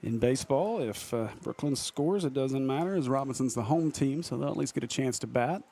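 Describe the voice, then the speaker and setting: A man's voice: medium pitch, a little fast, dark tone. Laughing, jokey male sports commentator. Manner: jokey, laughs often between calls. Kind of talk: live soccer commentary. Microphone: broadcast headset.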